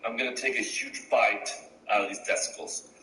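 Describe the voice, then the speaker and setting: A man voicing a boastful muscleman who eats raw organs, in a very deep, bragging deadpan. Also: normal speed, slight background noise. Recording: echoey room, from far off.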